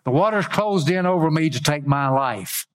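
A man's voice: animated, normal speed. A man preaching a sermon, reading scripture aloud and breaking off into folksy asides. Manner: reads scripture aloud with rising pitch, adds folksy asides.

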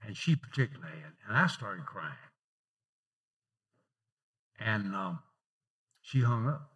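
A male pastor preaching a sermon in a conversational way, telling personal stories and swinging from emphatic lifts to softer asides. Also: fairly low pitch, animated, slow pace, husky. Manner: rising emphatic openings then dropping softer.

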